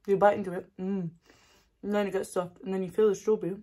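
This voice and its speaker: A woman's voice: medium pitch, level tone, fast talker, dark tone. A woman chatting casually at home as she tastes snacks, bubbly and giggly, gushing and often laughing, not on her usual ASMR mic. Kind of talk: casual chat tasting snacks. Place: her new house, indoors.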